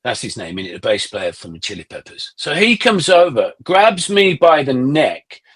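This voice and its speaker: A middle-aged man, a musician guest on a podcast, telling animated anecdotes in casual conversation and swearing freely. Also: medium pitch, normal speed, husky.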